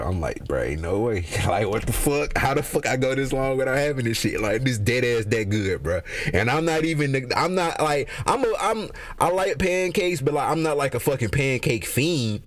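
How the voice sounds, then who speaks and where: A young man talks loosely to his camera. He rambles, restarts and swears freely. His voice swoops high and drops low as he tells it. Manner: rambling, slangy and profane, pitch jumping up and down. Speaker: solo vlogger. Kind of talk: casual monologue.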